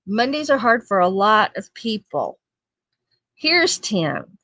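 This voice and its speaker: Woman host, easygoing morning chat, unhurried delivery, slightly high voice, laughs a lot. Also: sing-song, bright, forceful tone, no echo. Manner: chatty and homey, laughs often, many fillers. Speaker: livestream talk show host. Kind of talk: casual chat reading viewer comments.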